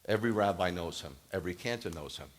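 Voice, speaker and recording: Male rabbi, lower voice, lively storytelling sermon, voices the other people in the story, builds to emphatic preaching. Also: fast. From United States. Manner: animated, acts out quoted dialogue, rises to emphatic preaching. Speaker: Messianic rabbi. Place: congregation hall, addressing a live audience.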